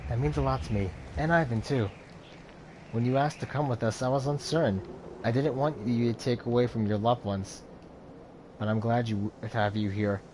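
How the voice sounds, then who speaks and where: A man narrates a video game aloud as a let's player, dramatically reading its dialogue, voicing different characters, and commenting in between. His medium-pitched voice has fairly even intonation and a moderate pace. The background is noisy.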